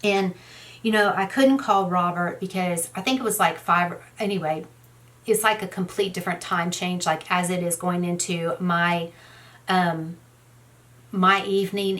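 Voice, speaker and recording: A woman's voice: fairly low pitch, fairly bright tone. A middle-aged woman tells a story in a casual, rambling way while doing her makeup, with many "you know" fillers. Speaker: beauty vlogger.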